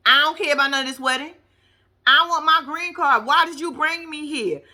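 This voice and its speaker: A woman quoting a blunt, demanding male reality-show groom in a flat, dismissive, insistent way. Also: high-pitched, normal speed, pitched above the performer's own voice.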